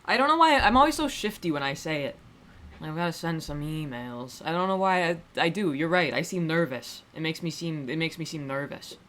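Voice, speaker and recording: A woman's voice: sits low, animated, fairly quick, hardly any pauses, a bit bright. Wry, rambling woman streamer. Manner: rambling, wry, self-deprecating, restarts sentences; swears casually. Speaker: livestreamer. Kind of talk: casual livestream chat.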